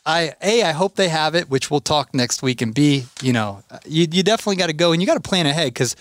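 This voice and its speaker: A man's voice: on the high side, fast talker, no room sound. A man hosting a podcast, telling stories casually and acting out what others said. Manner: animated storyteller, acts out quotes. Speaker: podcast host. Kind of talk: casual chat.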